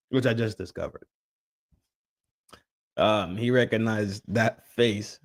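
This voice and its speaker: A young man hosting a podcast, casually reacting to videos with slang and frequent laughter. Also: on the low side. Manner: laid-back, laughs often, slang-heavy.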